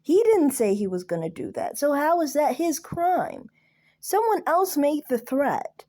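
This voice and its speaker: A woman guest in a casual talk show with a mellow, dark tone. Her pitch moves lively up and down while she speaks in a measured, slightly hesitant way. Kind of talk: casual discussion.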